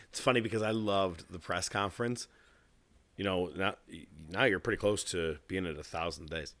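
A man co-hosting a casual wrestling podcast, animated and laughing often as he acts out quotes. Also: low-pitched, moderate pace, no echo. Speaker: podcast co-host.

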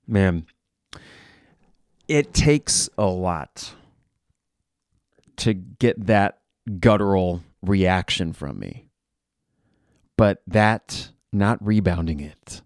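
A man hosting a live game reaction podcast, blunt and frustrated, who swears and flares into shouting. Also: deep voice, expressive, very slow, long pauses, dry recording, clean studio sound.

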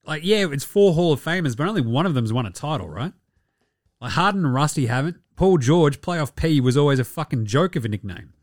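A man's voice: on the high side, expressive, a little fast, no echo, clean studio sound. Profane, rambling Australian man. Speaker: podcast host. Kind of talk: casual basketball commentary.

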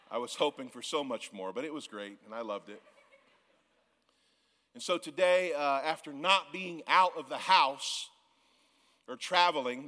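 A man in his forties, a guest pastor from the Missouri Ozarks, preaching a sermon in a church auditorium, loud and yelling, often laughing. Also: medium pitch. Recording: long church hall reverb.

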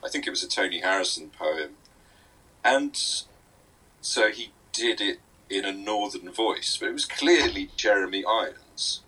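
A man's voice: deep voice, expressive, a little slow, sharp tone, slightly rough, rough recording. A man co-hosting a casual chat about his sketches, joking and laughing often. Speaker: co-host and sketch writer.

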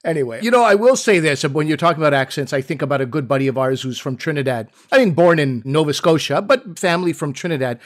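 A man co-hosting a relaxed podcast conversation. His voice sits a bit high for a man, and he tells stories with lively, animated delivery. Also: fast talker, few pauses. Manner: animated, acts out quoted voices. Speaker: podcast co-host. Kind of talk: casual conversation.

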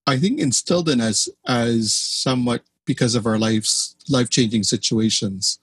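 A man hosting a podcast, speaking in a measured, affirming way. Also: mid-range voice, slightly rough, no echo, studio quality. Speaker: podcast host. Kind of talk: podcast interview.

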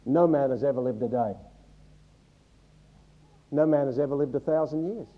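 This clip has phone-quality sound: a male pastor with a mid-range voice, speaking at normal speed, preaches to his congregation. He teaches from the Bible, quizzes people, and drops in humorous comments.

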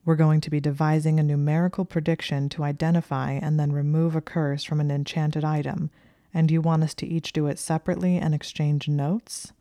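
A woman reading the part of a cold young male student who speaks slowly and precisely, with a growl, in a low, dark voice. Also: flat delivery, no room sound, clean studio sound. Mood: cold, curt.

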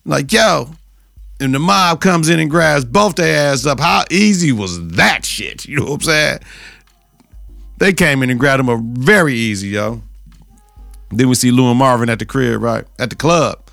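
A man's voice: medium pitch, expressive, moderate pace, creaky, fairly bright tone, dry recording, soft background music. A man hosting a podcast, recapping a TV episode in loose, slang-heavy casual chat with repeated catchphrases.

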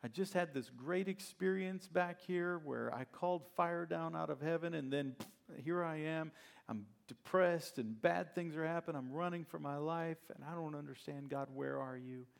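A man's voice: fairly high pitch, normal speed, creaky, pitched above the performer's own voice. A man voicing a despairing male prophet on the run, whining and complaining in a self-pitying way. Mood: frustrated.

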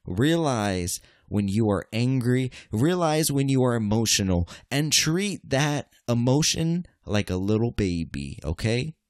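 A man's voice: fairly low pitch, no echo, studio quality. A man hosting a casual podcast, joking and swearing, with sudden mock-angry outbursts. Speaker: podcast host.

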